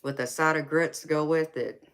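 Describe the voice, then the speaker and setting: A woman's voice: deep voice, steady tone. A woman with a Georgia Southern accent who hosts a late-night live tarot stream, chatting easily with viewers, calling them honey and baby and laughing often. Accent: Southern American (Georgia). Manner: laid-back, slow drawl, laughs often, calls viewers honey and baby. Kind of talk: casual live-chat reading out viewer comments.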